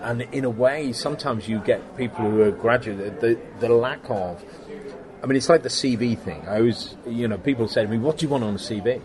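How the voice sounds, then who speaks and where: A middle-aged man in a casual interview, telling stories about his workshop in an animated way and acting out the exchanges he quotes, laughing often. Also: medium pitch, fairly quick, a crowd in the background. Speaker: guest, special effects workshop owner.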